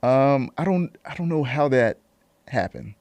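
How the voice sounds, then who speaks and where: A man's voice: medium pitch, lively intonation, a little slow, a little mellow, dry recording. A man co-hosting a talk show, telling a story hesitantly with many ums. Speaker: co-host. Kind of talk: casual chat.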